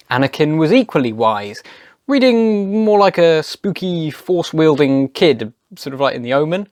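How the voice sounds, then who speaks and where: A man's voice: on the high side, no room sound, studio quality. A man narrating a scripted video essay in a wry, opinionated way.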